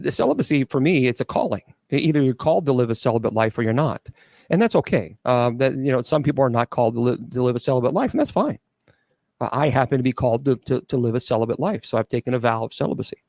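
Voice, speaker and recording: A man's voice: medium pitch, a little mellow, no room sound, studio quality. A celibate clergyman taking viewer questions on a livestream, blunt and sarcastic, with frequent restarts and stumbles.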